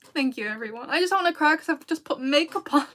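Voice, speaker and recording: A woman's voice: high voice, lively intonation, fast talker, a bit bright. A British woman chatting casually with viewers on a livestream, rambling and laughing often. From Britain. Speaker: video creator and streamer.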